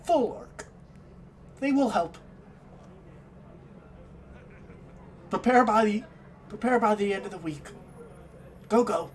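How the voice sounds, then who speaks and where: A man's voice: very high voice, huge pitch swings, slow pace, slight background noise, voice pushed up, full character voice. A man voicing a bossy bird-like Kenku wizard who talks in short, clipped commands. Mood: curt.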